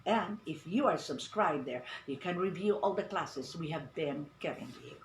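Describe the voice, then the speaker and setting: A woman's voice: sits low, lively intonation, moderate pace. A woman teaching an English lesson in an online radio-style class, emphatic and repeating "no, no" to correct habits. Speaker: English tutor. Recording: echoey room with faint ambient noise.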